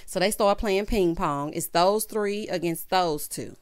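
A woman giving a casual, sassy recap of a reality dating show, full of playful asides and quick reactions. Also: on the low side, smooth, dry recording, clean studio sound. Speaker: recap vlogger.

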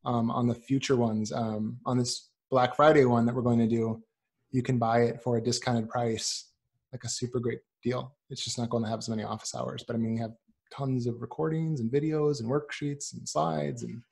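A man's voice: medium pitch, steady tone, normal speed, creaky, darkish tone. A man talking as a guest on a podcast in a casual chat, earnest and a bit rambling. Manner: earnest, rambling, many fillers and restarts. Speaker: podcast guest, business owner.

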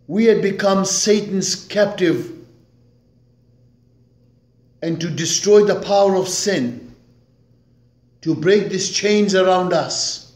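A man preaching from the pulpit with a slightly high voice, unhurried and deliberate. He leans hard on key words, then drops almost to a murmur. The room carries a noticeable echo around him. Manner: slow, emphatic preaching with dramatic swings in loudness. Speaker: pastor. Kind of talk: sermon. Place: church sanctuary. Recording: echoey church room.

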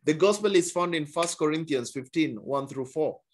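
Man, preacher, sermon, reads scripture, emphatic repetition, higher-pitched voice. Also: normal speed. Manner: emphatic, repeats phrases, stumbles on words.

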